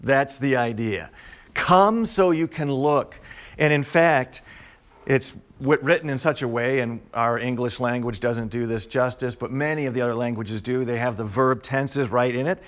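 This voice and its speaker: A man's voice: mid-range voice, steady tone, normal speed, lo-fi sound. A man teaching a Bible study class in a conversational way, repeating key words with emphasis for the group.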